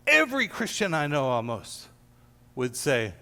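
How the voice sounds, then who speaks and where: A man's voice: a little high, lively intonation, normal speed, fairly bright tone. A man leading an informal church gathering as pastor, telling a Bible story and acting out the quoted lines. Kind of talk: informal teaching to a small gathering. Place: church room. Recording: long hall reverb.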